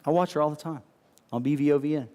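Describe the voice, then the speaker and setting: A high-pitched man preaching with animated, repetitive call-and-response. His voice carries through a large church hall with a long reverb. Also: quick pace. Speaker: pastor. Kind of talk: sermon.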